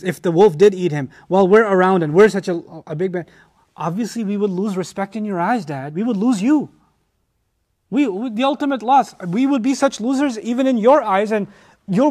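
Male scripture teacher, animated and emphatic, higher-pitched voice. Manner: animated and emphatic, with frequent restarts. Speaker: Quran teacher. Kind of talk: lecture on scripture.

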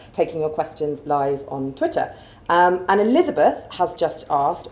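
A woman's voice: lowish voice, a little mellow. A woman hosting a live interview and reading out viewer questions in a bubbly, upbeat, enthusiastic way. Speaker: host. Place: office event space. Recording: echoey room.

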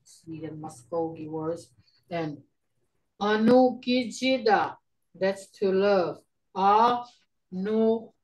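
A woman leads an online language lesson over a video call. She talks at an unhurried, measured pace and patiently repeats each word so her learners can follow. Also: on the low side, a little mellow, poor audio. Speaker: language teacher.

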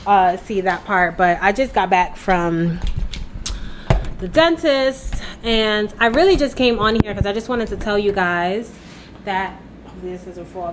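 A woman's voice: medium pitch, background noise. A young woman vlogging to a handheld camera in casual, rambling chat, swearing freely, her speech slightly slurred from a numbed mouth. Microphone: handheld camera at arm's length.

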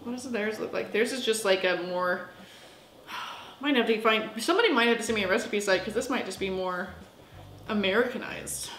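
A woman's voice: mid-range voice, moderate pace, fairly bright tone, reverberant, a little hiss or hum, low-quality recording. A woman from the United States, chatty and goofy, talking to herself while she cooks in her home kitchen for a vlog. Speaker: vlogger. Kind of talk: casual cooking vlog.

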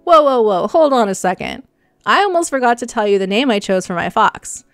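A young woman hosting a gaming channel, chatting casually and excitedly through her gameplay and talking to her animals. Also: mid-range voice, brisk. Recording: dry close mic with faint music.

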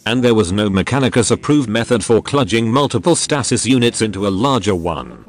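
A male text-to-speech voice narrating a scripted story with an even, steady delivery. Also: on the low side, a little fast. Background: faint background music.

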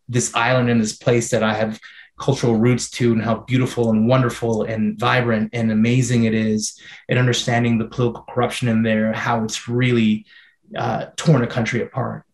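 A man who works as a filmmaker answers questions in a Q&A interview. He talks in an even, flat tone, searching for words with many fillers and restarts. The sound is roomy and echoey, as over a video call. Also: mid-range voice. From Canada.

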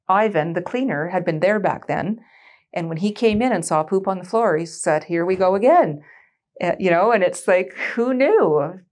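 A woman in her forties from Canada, a former military switchboard operator, telling an oral history story in a lively, anecdotal way and laughing often. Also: medium pitch. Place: board room of a museum.

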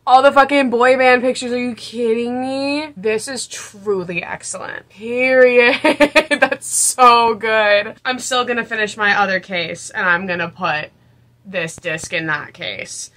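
Twenties woman, excitable reaction vlogger; bright, high-ish voice, gushing and giggly. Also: a little slow. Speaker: YouTuber reacting to a movie. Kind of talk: casual reaction vlog.

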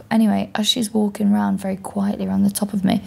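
Gravelly woman telling stories. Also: mid-range voice, flat delivery, fast talker. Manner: swearing, rambling storyteller. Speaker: comedian and podcast co-host. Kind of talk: casual chat.

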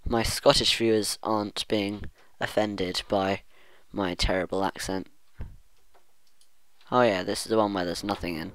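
A man with a lowish voice gives unhurried let's-play commentary, rambling and thinking out loud as he goes. His words come slowly, and the sound is dry and close with no room around it. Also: smooth, no echo. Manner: rambling self-talk, hums and muses aloud. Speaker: gaming channel host.

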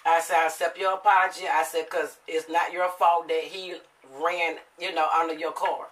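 A woman, a mother, telling family stories to viewers in a casual, animated way and acting out the quotes with feeling. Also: low voice, moderate pace, few pauses, recorded from a distance, rough recording.

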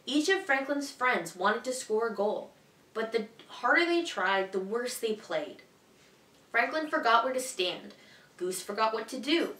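A woman teacher reading a children's picture book aloud in a clear, expressive, evenly paced way. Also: on the high side, unhurried, far from the mic. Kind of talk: storybook read-aloud for children. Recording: echoey room, voice a bit off-mic.

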